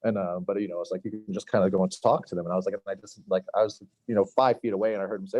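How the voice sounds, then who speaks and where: Very fast and on the low side, with a darkish tone in a dry recording, this middle-aged man hails from Long Island, New York. He's a chef guesting on a podcast, telling casual stories that ramble with lots of fillers and acted-out lines.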